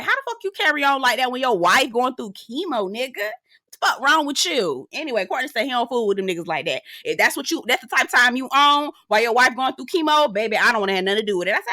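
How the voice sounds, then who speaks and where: A young adult woman reviewing a reality TV episode in a sassy, profane, animated recap, often breaking into laughter. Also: on the high side, fast talker, no room sound, clean studio sound. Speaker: TV show reviewer.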